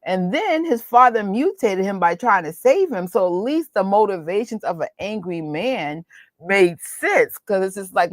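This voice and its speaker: A woman in her forties with a New York accent, hosting a casual chat, animated and laughing often. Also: mid-range voice, no room sound. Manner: animated, laughs often, talks in quick bursts. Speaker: host.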